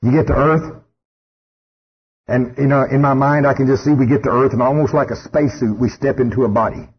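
A man's voice: mid-range voice, fairly even intonation, brisk, husky. A man preaching a sermon in a church, folksy and storytelling, with frequent rhetorical questions. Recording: dull lo-fi sermon tape.

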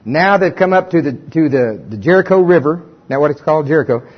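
Male pastor, sermon, folksy, animated storytelling, husky voice, muffled lo-fi recording. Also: a little high, quick pace. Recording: dull lo-fi recording.

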